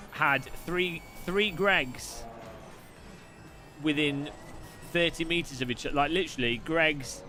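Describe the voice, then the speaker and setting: Chatty guy streaming sim racing, high bright voice, jokey asides, music low behind. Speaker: live stream host. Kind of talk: casual live-stream chat and racing commentary.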